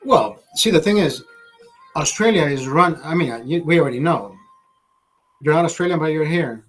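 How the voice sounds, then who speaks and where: A man's voice: a little high, expressive, normal speed, pauses often, soft background music. Profane ranting man from Honduras. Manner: profane, ranting, switches between English and Spanish. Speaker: livestream host. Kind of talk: casual livestream chat. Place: Los Angeles, California.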